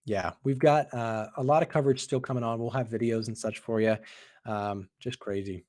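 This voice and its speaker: A man hosts a live market stream in a casual, rambling way, with plenty of fillers and restarts. His voice is hoarse from hours of talking. It sits at a middle pitch. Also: steady tone, moderate pace, darkish tone. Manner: casual, repeats himself, many fillers. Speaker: host of a live trading stream.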